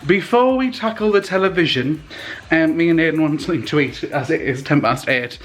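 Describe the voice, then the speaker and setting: A man's voice: on the high side, a little fast, reverberant. A young British man chatting casually to camera at home for his vlog, rambling with plenty of ums. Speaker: vlogger. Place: at home, indoors.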